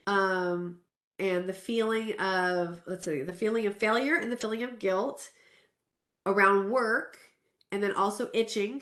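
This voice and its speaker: This medium-pitched, slightly bright woman from Southern California is in her forties and giving a self-care talk. Candid, earnest and conversational, she shares a personal story with restarts, all in an echoey room.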